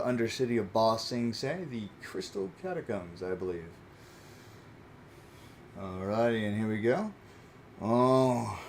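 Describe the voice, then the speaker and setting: A man's voice: on the low side, slight background noise. A man hosting his own channel, chatting casually as he opens trading card packs and repeats his reactions. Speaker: channel host. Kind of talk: casual card-opening chat.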